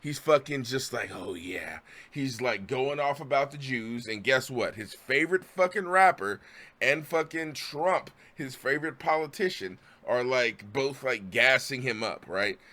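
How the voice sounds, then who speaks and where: A man's voice: mid-range voice, expressive, a little slow, bright, forceful tone. A man streaming his reactions to a video, ranting profanely and sounding exasperated. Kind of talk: live stream commentary.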